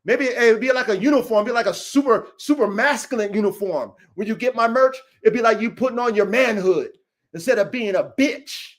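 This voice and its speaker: High-voiced man ranting, brash and profane. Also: brisk. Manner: profane, taunting, repeats "man" constantly. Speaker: dog trainer hosting his own channel. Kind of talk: brash livestream rant and merch plug.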